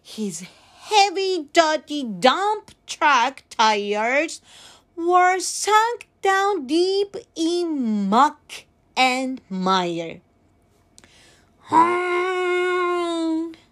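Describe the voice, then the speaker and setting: A woman teaching English to preschoolers, singing and reading a picture book aloud in a slow, animated, sing-song way. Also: high-pitched.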